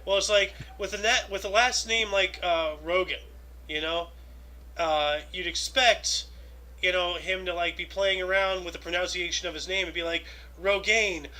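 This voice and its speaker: A man with a high, strikingly bright and forceful voice, co-hosting a casual chat. He reads out history events and then riffs on them loosely. His talk is full of filler phrases and restarts. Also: fairly even intonation, moderate pace, low-quality recording. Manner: rambling, loose, many "you know"s. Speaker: co-host.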